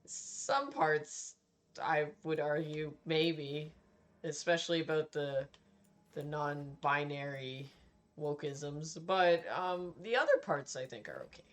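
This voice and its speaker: A woman's voice: low voice, slow pace. A woman game streamer giving casual, candid commentary while she plays, laughing often and swearing freely.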